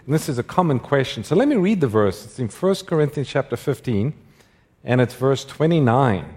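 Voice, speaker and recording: A man acting as a co-pastor, introducing and reading a Bible question aloud in a measured way. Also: mid-range voice, darkish tone, husky. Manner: measured, reads verses slowly.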